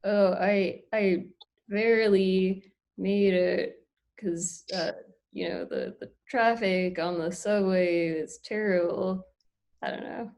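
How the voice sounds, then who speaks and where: Deadpan ventriloquist alligator puppet, low-key and slow, played by a woman. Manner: deadpan, flat and hesitant.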